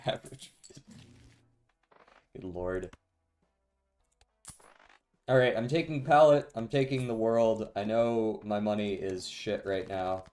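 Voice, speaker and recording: A man's voice: fairly low pitch, slow, long pauses, darkish tone, faint music behind. A young man streaming a card game, giving dry, sarcastic commentary and swearing freely. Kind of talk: casual gameplay commentary.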